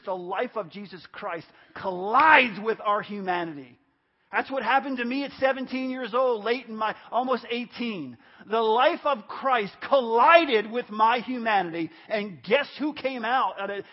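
A man's voice: extremely high pitch, breathy edge. A pastor in his fifties preaching a sermon at a church service, emphatic, repeating phrases for stress. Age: 50s. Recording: dull lo-fi church audio.

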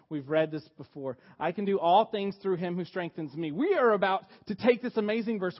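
A man preaching a sermon, swinging between loud emphatic lines and quiet hushed passages. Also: fairly high pitch. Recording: dull lo-fi sermon recording.

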